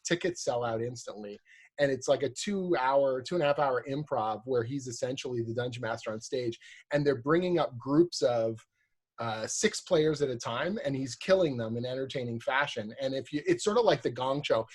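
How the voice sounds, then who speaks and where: Husky animated man telling stories. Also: mid-range voice, normal speed. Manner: animated storyteller, acts out voices in quotes. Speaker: podcast guest, author. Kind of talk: casual chat, anecdote telling.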